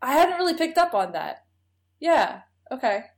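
A woman co-hosting a podcast recaps an episode in casual chat, her voice sitting high with a sing-song lilt at normal speed. She's enthusiastic, chatty, and laughs often.

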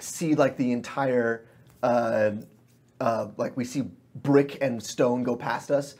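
A man runs a tabletop game, describing each scene as if a camera were moving through it. His voice is husky and somewhat rough, and his talk is full of fillers. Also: mid-range voice, darkish tone. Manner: cinematic scene narration with many fillers. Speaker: game master.

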